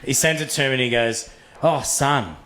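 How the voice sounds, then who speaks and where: Crude, animated Australian comedian. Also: male voice, medium pitch, fast talker. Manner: crude, animated, storytelling with swearing. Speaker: stand-up comedian. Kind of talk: stand-up comedy routine. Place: comedy club stage. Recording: echoey comedy club.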